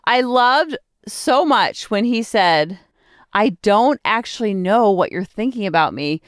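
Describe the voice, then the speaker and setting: A woman hosting a podcast, telling a story in a chatty, animated way and acting out her own self-talk. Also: mid-range voice, measured pace, no room sound, studio quality. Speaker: podcast host. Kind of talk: casual solo podcast talk.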